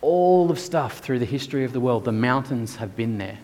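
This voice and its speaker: A man's voice: mid-range voice, expressive, normal speed, darkish tone, slight background noise. A man preaching a sermon in a casual, conversational way. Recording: echoey church hall.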